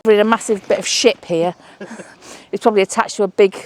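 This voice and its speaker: A woman's voice: mid-range voice, steady tone, quick pace. Woman host, outdoor beach vlog, chatty and exclamatory. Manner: chatty, exclaiming over finds. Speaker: mudlarking vlogger. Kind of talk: casual chat while searching a beach.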